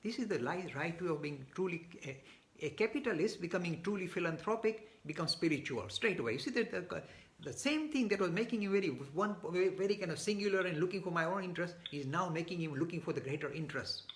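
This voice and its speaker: A man's voice: high voice, animated, quick pace. A man answering audience questions in a live online talk, speaking emphatically with frequent restarts and repeated words. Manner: gets worked up.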